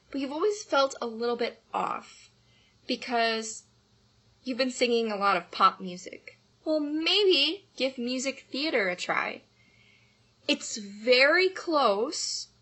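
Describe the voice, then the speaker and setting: A woman's voice: a little high, sharp tone, slightly rough. A woman voice teacher giving an upbeat, enthusiastic podcast lesson on singing.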